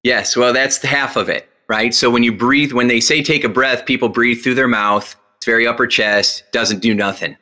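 A hypnotist who also speaks publicly tells lively stories as an interview guest, voicing quoted lines with dramatic pitch changes. His energy softens into slow, guided direction once he teaches a breathing exercise.

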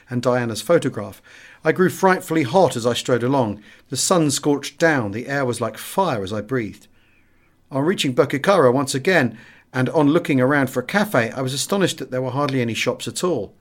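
A man reading a first-person wartime memoir aloud as an audiobook, with a measured and expressive delivery. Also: mid-range voice. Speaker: audiobook narrator.

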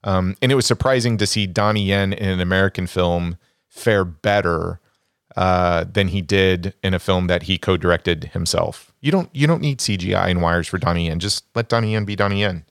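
A lower-pitched man speaks in a dry, close-miked recording. He is a podcast co-host giving blunt, opinionated takes on films in casual chat. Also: normal speed, dry recording.

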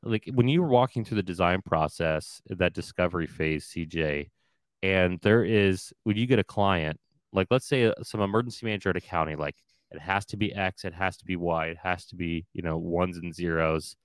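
Male podcast host, deep voice, dry close sound, rambles and restarts a lot. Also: normal speed, clear, resonant tone, no room sound. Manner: rambling, thinks aloud with many restarts. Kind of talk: casual interview chat.

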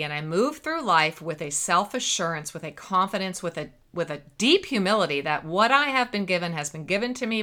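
A woman's voice: fairly low pitch, sharp tone. A woman hosting a faith-based self-help podcast as a therapist, talking earnestly and stressing key words by repeating them.

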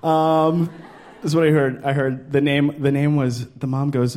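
A man doing a stand-up routine on a club stage, animated and laughing, jumping to shrill voices for quoted people. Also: fairly quick, a faint crowd, a little hiss or hum. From Brooklyn. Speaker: stand-up comedian.

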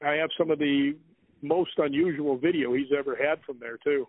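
A man's voice: a little high, steady tone, normal speed. Rambling male storyteller on a phone line. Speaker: guest author. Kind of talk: storytelling in an interview.

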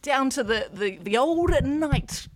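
A woman comedian from New Zealand with a New Zealand accent, joking with a deadpan, self-mocking manner on a podcast video call. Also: sits high, slow pace. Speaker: comedian guest. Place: home, at midday.

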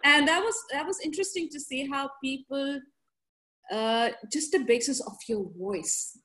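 A woman with a fairly high voice tells stories as a podcast guest. She is lively and animated, laughs often, and breaks into little voices for the people in her stories. She grew up in several countries, and the talk is casual and unscripted. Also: moderate pace. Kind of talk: casual conversational storytelling.

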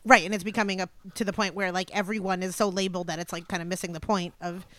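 A woman's voice: on the low side, little pitch movement, fast, bright, forceful tone, no echo. Giggly chatty woman, dry close voice. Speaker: podcast co-host. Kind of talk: casual chat.

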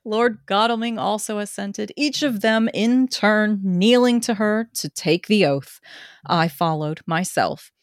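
A woman's voice: mid-range voice, a little slow, no room sound, clean studio sound. Woman narrating a story aloud. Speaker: podcast co-host.

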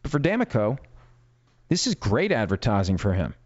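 A man's voice: on the low side, big pitch swings, normal speed, darkish tone, dry recording. A man giving blunt, emphatic legal commentary with a sarcastic edge. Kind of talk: opinionated commentary. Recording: dull lo-fi dry audio.

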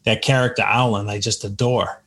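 A man's voice: on the low side, steady tone, normal speed, a bit bright. A man, an author, telling anecdotes in casual conversation and acting out the voices of the people he quotes. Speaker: author guest.

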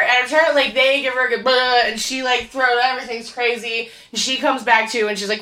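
A woman's voice: a little high, a little fast, few pauses. A woman casually recapping a horror film in chat, acting out the scenes and swearing freely. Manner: animated storyteller, acts out scenes; swears casually, says "like" often. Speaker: podcast co-host recapping a film.

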